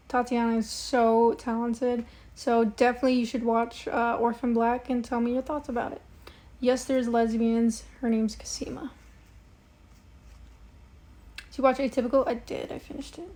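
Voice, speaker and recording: Chatty young woman on a livestream. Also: fairly high pitch. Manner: chatty, rambling, with frequent fillers. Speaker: livestreamer reading viewer comments. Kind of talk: casual live-stream chat.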